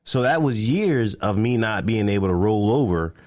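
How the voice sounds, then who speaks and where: A man's voice: lowish voice, moderate pace, no room sound, studio quality. A man co-hosting a casual chat, telling stories with lots of laughter. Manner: animated storytelling, laughs often. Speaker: podcast co-host.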